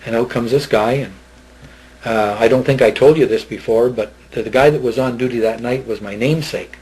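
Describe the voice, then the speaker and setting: A man's voice: medium pitch, fairly quick, a little mellow, rough recording. An older man, recounting a personal experience to an interviewer in a rambling way, with lots of fillers, restarts and repeated phrases. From Northern Ontario, Canada. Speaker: eyewitness interviewee.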